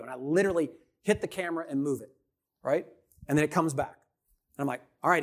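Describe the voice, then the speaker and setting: A middle-aged man speaking as an interview guest, his voice sitting a little high for a man. He talks bluntly and with plenty of energy, pitching ideas like a salesman and dropping rhetorical checks as he goes. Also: fast. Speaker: podcast guest, entrepreneur. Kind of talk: casual interview talk.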